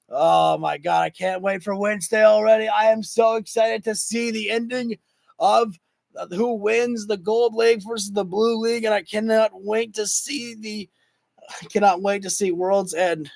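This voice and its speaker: A man hosting a wrestling livestream who talks casually to his chat, rambling and excitable with lots of fillers, and is losing his voice. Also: sits high, moderate pace, creaky, dry recording. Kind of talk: casual live commentary to chat.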